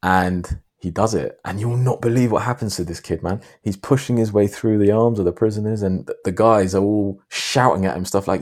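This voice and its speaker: A man hosting a podcast, telling a long story in a rambling, animated way. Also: lowish voice, moderate pace. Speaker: podcast host. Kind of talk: casual podcast chat.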